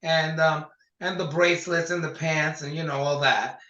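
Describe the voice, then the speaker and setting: An older man, a singer, chatting in an interview and telling animated stories from his career. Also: a little high, moderate pace. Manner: animated storyteller, acts out quotes. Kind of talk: casual interview conversation. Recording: echoey dull lo-fi sound.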